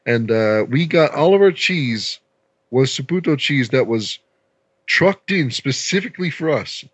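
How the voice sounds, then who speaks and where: A man's voice: medium pitch, a little slow, no echo. Casual canadian guy rambling through a story, keeps doing little voices for people, pretty dry sound, a bit dull and lo-fi like remote audio. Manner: rambling and animated, acts out voices in his stories. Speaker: podcast guest.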